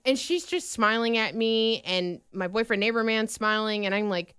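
A woman co-hosting a radio show, telling a story in a lively, self-mocking way. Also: a little high, normal speed, hardly any pauses, smooth, dry recording, clean studio sound. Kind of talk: casual chat and storytelling.

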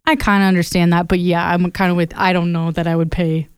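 A woman's voice: lowish voice, quick pace, smooth, no room sound, clean studio sound. Chatty young woman radio co-host. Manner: chatty storyteller, animated retelling. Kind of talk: casual radio chat. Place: radio studio.

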